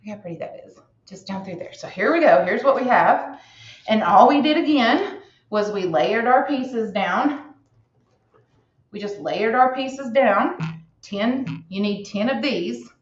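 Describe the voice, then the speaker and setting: A woman's voice: a little high, lively intonation, a little slow. A middle-aged woman talking through a craft demonstration in a chatty, rambling, folksy way, checking in with her viewers as she works. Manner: chatty, rambling, folksy, says "hon" and "right?". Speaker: craft instructor. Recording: echoey room, slightly dull sound.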